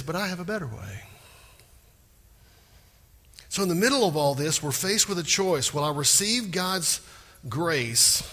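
A pastor preaching a sermon with animated delivery, acting out prayers in a rising voice. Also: male voice, fairly high pitch, in a large hall.

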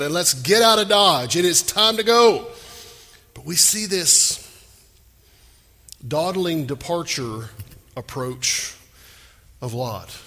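A male pastor preaching a sermon, animated and emphatic, asking the crowd questions. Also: a little high, big-room sound.

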